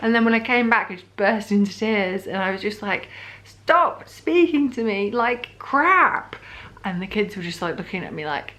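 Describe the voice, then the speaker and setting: A British woman in her thirties talks straight to camera in a relaxed home vlog. Her speech rambles and doubles back, full of "like" and "um", at a mid-range pitch. She keeps it loose and conversational. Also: quick pace, hardly any pauses. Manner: chatty, rambling with many fillers and restarts. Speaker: vlogger. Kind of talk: casual pregnancy update vlog.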